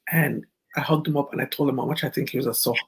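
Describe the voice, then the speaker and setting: A middle-aged woman and former runway model, telling a story as an interview guest in an animated, laughing way and acting out the people she quotes. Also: very deep voice, quick pace, a little hiss or hum. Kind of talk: casual storytelling chat.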